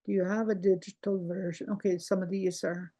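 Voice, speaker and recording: A woman's voice: on the low side, little pitch movement, a little fast, mellow. An older woman teaching a language lesson, patiently repeating words and checking in with "okay?" as she goes.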